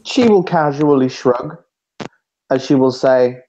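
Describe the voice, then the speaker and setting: A game master narrating a tabletop game in a calm, measured way. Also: medium pitch. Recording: dull lo-fi mic with background hiss.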